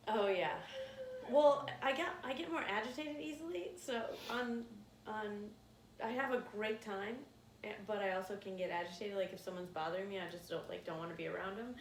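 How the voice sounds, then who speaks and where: This podcast co-host speaks at medium pitch and normal speed, telling stories in relaxed conversation with frequent laughter and acted-out quotes. The mic sounds roomy and a bit distant, carrying slight hiss or hum.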